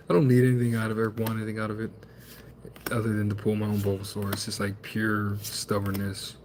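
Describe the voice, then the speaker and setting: A man's voice: on the low side, flat delivery, normal speed, a little mellow. Guy chatting while opening card packs, rambly and self-deprecating, noisy background. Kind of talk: casual stream chatter.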